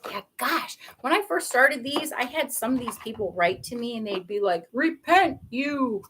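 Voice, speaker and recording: A young woman reads tarot cards live and chats along. Her voice is bubbly and giggly. It swoops up and down a lot, sits on the high side, and she rambles happily between cards. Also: lively intonation, normal speed, a bit bright, a little hiss or hum, poor audio. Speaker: tarot reader. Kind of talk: live tarot reading with chatty asides.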